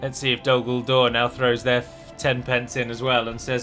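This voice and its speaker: A man's voice: mid-range voice, monotone, moderate pace, fairly bright tone, soft background music. A man giving casual gameplay commentary, rambling and self-deprecating with chatty asides.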